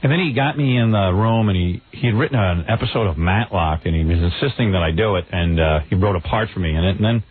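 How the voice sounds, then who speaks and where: A man's voice: sits low, quick pace, hardly any pauses, husky. A man hosting a radio show, trading jokes and telling stories in casual banter, laughing often. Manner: joking, storytelling, laughs often. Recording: narrow phone-like radio broadcast.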